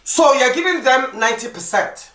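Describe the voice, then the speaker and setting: A woman, a podcast guest telling stories in lively, emphatic casual chat. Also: high-pitched, normal speed, far from the mic. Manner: animated, lively storytelling with emphatic repetition. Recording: echoey room.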